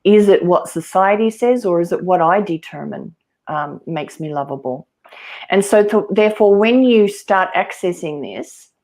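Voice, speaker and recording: A woman giving a live tarot reading, offering calm, earnest spiritual guidance. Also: lowish voice. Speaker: tarot reader.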